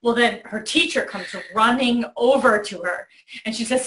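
A middle-aged woman hosting a talk, telling a lively story to a child in a bedroom. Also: a little high, normal speed, echoey room. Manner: animated storyteller, acts out voices in quotes. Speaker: host. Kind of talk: warm storytelling to a child on video.

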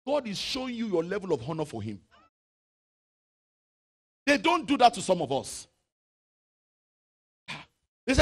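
A male pastor from Nigeria preaching a sermon, chanting scripture and swinging from loud shouts to low asides. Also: wildly swooping pitch, a little slow, pauses often. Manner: reads scripture aloud in a chanting, sung tone.

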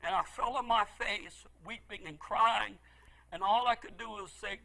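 A middle-aged male pastor preaching a sermon, telling a story with great feeling and swinging from loud pleading to hushed, low asides. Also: a little slow, gravelly, rough recording.

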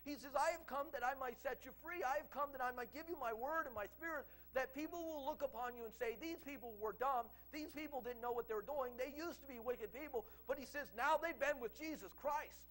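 A man's voice: very high voice, fairly quick, few pauses, a bit bright. A man preaching a revival sermon, fervent and repetitive, quoting scripture at length.

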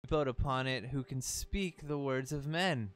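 A man's voice: mid-range voice, measured pace, a bit bright, close to an everyday voice. A man voicing a wise, solemn talking boat who guides a hero, reading game dialogue aloud on stream and tripping over words. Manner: reads text boxes aloud, stumbles on words.

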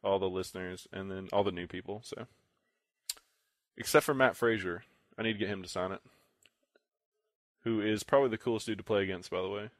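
A young man with a low voice co-hosts a casual podcast and tells long, rambling stories. He acts out other people's lines in the middle of the story. The recording is dry and close to the mic, with no room sound. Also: steady tone, a little fast, long pauses, no echo. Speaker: podcast co-host. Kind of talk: casual chat.

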